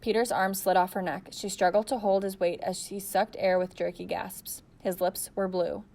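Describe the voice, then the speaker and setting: A woman reads a novel aloud in an even, steady storytelling voice. Her pitch sits in the middle range. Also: moderate pace, vocal fry. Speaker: audiobook narrator. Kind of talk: audiobook narration.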